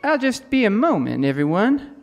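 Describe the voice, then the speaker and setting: A man's voice: high voice, sing-song, normal speed, vocal fry, faint music behind, full character voice. A man playing a smarmy pastor with a showy, coaxing teacher tone.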